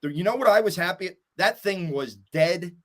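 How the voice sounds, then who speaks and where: A man's voice: sits high, lively intonation, moderate pace. A man co-hosting a casual sports podcast, reflective and questioning as he talks through the game. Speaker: podcast co-host.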